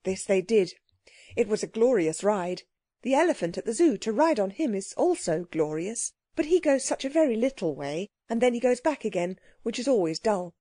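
A woman narrating a children's audiobook in a clear, gently expressive storytelling manner. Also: medium pitch, moderate pace, no echo, studio quality.

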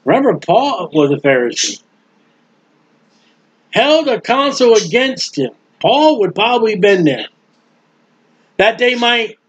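A man preaching a sermon in a folksy, emphatic way, drawling key words slowly and acting out the people he quotes. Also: high-pitched, fairly bright tone, husky. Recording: dull lo-fi sound.

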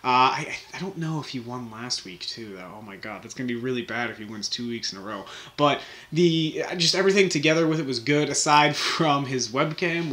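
A man's voice: medium pitch, a bit bright. A young man hosting a casual weekly recap of his channel's videos, rambling and joking with lots of fillers and restarts. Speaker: channel host recapping the week.

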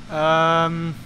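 A man's voice: on the high side, background noise. A man joking sarcastically and swearing through casual commentary on a game he is playing. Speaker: let's play gamer.

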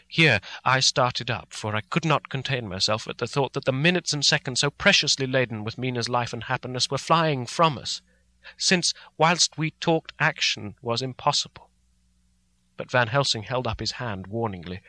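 A man narrating a classic novel audiobook in an expressive, dramatic reading. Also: medium pitch, normal speed, no room sound. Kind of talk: scripted narration.

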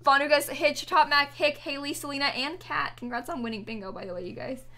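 A woman's voice: high voice, brisk, bright, forceful tone. A young woman chatting on a live stream while gaming, giggly and apologetic, thanking viewers as she plays.

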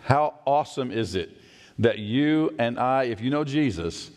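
A man preaching a sermon as pastor, conversational and animated, asking the congregation rhetorical questions. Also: medium pitch, unhurried. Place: church sanctuary. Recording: long hall reverb.

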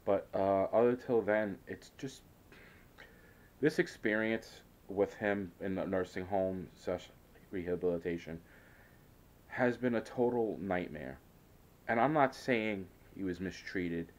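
A man's voice: low voice, slow. A man telling a rambling, hesitant story in a casual vlog, often frustrated and full of restarts. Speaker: vlogger.

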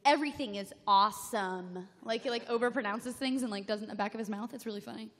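A woman's voice: fairly high pitch, steady tone. Playful woman on a hall stage. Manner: playful, jokey, quick to laugh. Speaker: podcast co-host on a live panel. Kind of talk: casual panel chat. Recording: live panel in a reverberant hall.

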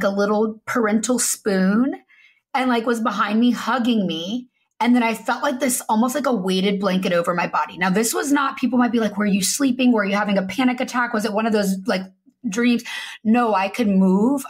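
A young adult woman, a podcast guest, telling a candid personal story openly and with feeling, laughing now and then. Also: medium pitch. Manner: open, emotional, laughs while telling painful story.

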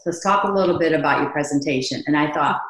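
A woman being interviewed as a podcast guest, telling stories in a lively way and acting out the dialogue she quotes. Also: sits low, quick pace. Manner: animated, acts out quoted dialogue. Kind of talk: conversational storytelling. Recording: echoey room.

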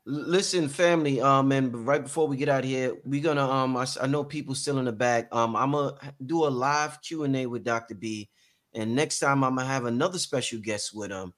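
A man hosting a talk show, rambling and halting with many fillers. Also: medium pitch, fairly bright tone. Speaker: host.

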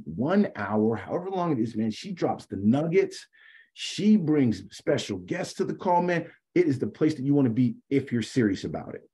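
A man's voice: medium pitch, mellow, breathy edge. A man teaching as a guest sales coach on a coaching call, talking conversationally and acting out sample dialogues, often adding "man".

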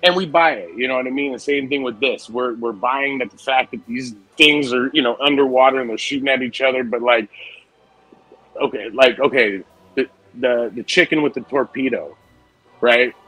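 Bright-voiced man in rambling movie chat. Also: medium pitch, moderate pace, faint music behind, poor audio. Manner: rambling, profane, enthusiastic. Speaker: podcast co-host. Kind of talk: casual movie discussion.

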